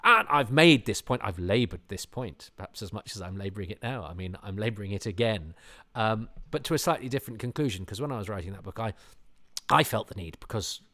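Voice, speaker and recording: Rambling man, lowish voice. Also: fast talker. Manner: rambling, self-deprecating, animated asides. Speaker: podcast host. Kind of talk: casual commentary.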